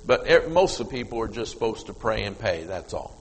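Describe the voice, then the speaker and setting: A middle-aged man preaching a sermon as pastor, telling a story and moving from hushed asides to loud, emphatic peaks. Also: fairly low pitch, sing-song, brisk, a little hiss or hum. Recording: long reverb of a church hall.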